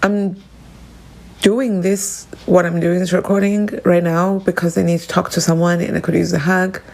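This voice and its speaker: A woman with a South African accent, hosting a solo confessional podcast, talking alone at home in a halting, rambling, emotional way. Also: fairly low pitch, little pitch movement, creaky, a little mellow, rough recording. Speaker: podcast host.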